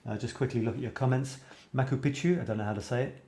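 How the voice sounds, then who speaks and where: A man's voice: mid-range voice, fairly even intonation, fast, mellow. A man hosting a casual photography live stream, reading out viewer comments and musing aloud with fillers and restarts. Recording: roomy echo.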